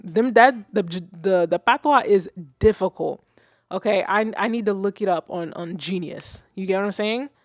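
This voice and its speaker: A woman host reviews songs live on her stream, blunt and animated, with a mid-range voice and frequent swearing. Faint music plays softly behind her. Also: medium pitch, moderate pace, no echo, clean studio sound. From Haitian. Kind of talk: casual livestream commentary.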